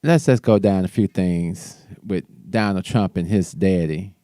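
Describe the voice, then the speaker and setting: On his own show, a man with a deep, mellow voice gives casual political commentary, stumbling and restarting loosely as he goes. He speaks a little slowly. The sound is dry and close-miked, with no room sound at all.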